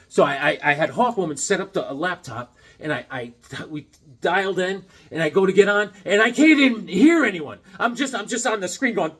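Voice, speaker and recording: A man in a casual vlog, excitedly showing off his comic collection with rambling, self-deprecating asides. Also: high voice, brisk, slightly rough. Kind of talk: casual show-and-tell vlog.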